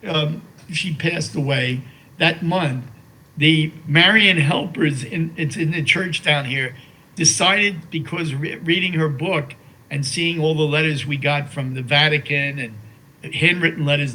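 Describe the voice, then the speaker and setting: Older man, slightly high voice, halting. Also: bright, forceful tone, low-quality recording. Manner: halting, with many fillers and restarts; slow and reverent while reading a poem aloud. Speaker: interview guest. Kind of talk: emotional personal remembrance.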